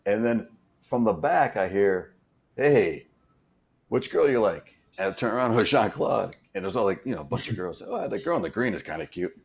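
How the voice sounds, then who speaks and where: A man's voice: lowish voice, expressive, moderate pace, creaky. A man in an interview, telling long casual stories about working as a stand-in and photo double, full of fillers and restarts. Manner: rambling anecdotes with many fillers and restarts. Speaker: guest, stunt and photo double.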